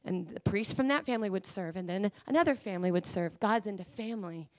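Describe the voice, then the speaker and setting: A woman preacher delivering a sermon, emphatic and pleading, at times rising to high fervent cries. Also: fast, few pauses, darkish tone.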